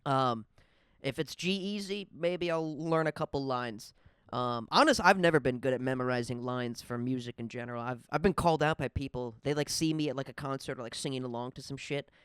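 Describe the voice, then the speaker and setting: A man's voice: medium pitch, brisk, fairly bright tone, clear, resonant tone, no room sound, studio quality. A man hosting a solo podcast, rambling casually with heavy swearing and lots of fillers. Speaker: podcast host.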